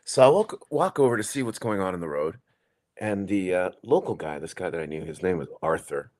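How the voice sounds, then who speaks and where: A man's voice: low-pitched, fairly quick. A man, co-hosting a podcast, telling a story in casual, swearing chat and acting out the people in it. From New York. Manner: animated storyteller, swears, acts out quoted people. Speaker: podcast co-host.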